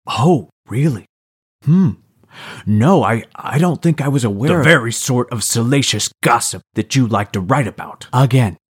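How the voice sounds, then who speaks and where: This is a cocky, sarcastic publisher, voiced by a male narrator. He treats trouble as a joke, with dry mockery in his low voice. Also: takes it slowly, pauses often, darkish tone. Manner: sarcastic, mocking. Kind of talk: audiobook character reading.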